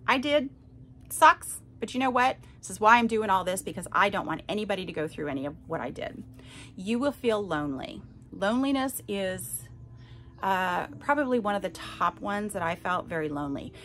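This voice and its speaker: A woman's voice: mid-range voice, expressive, normal speed, pushed and bright, slight background noise. Candid woman speaking straight to listeners. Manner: candid and emphatic, addresses listeners directly with frequent "okay?". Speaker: podcast host. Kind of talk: personal testimony to listeners.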